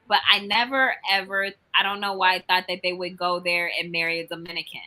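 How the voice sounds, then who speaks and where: Bright-voiced chatty woman. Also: lowish voice, flat delivery, brisk, poor audio. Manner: chatty, repeats "I be" and "like". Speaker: co-host. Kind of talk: casual chat.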